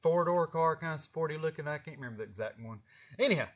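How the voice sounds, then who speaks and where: A man's voice: on the high side, quick pace. A young man, telling a rambling story with lots of cursing and laughing at himself. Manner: animated, profane, laughing at himself. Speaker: vlogger. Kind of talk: casual storytelling.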